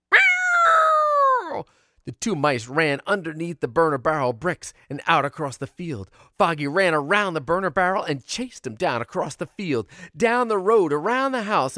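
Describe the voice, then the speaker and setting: Lively man telling a homespun story. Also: medium pitch, no room sound, studio quality. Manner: animated, with sound effects and character voices. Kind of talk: oral storytelling for an audience.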